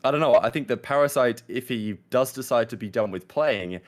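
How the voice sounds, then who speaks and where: A man's voice: mid-range voice, brisk. A young man co-hosting a casual esports podcast, rambling and thinking aloud with lots of fillers. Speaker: podcast co-host. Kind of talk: casual esports talk show chat.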